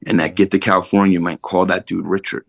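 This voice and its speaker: A man's voice: sits low, flat delivery, fast, creaky, no room sound. A middle-aged man, a podcast guest, telling a blunt, profane, emotional story about his recovery in a casual way.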